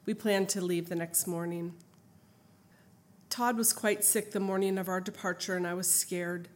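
A woman's voice: on the low side, steady tone, normal speed. A middle-aged woman sharing her family's story as a mother, reading from her account and then telling an anecdote off-script in an earnest, emotional way.

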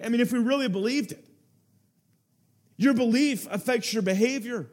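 A man's voice: very high voice, moderate pace, long pauses, darkish tone. A man preaching a sermon, telling a story with earnest feeling and building to urgent appeals to his listeners.

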